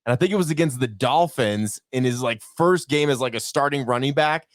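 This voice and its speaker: A man's voice: mid-range voice, brisk, no room sound, studio quality. A man guesting on a sports podcast, joking and teasing as he tells long, rambling stories. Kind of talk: casual sports chat.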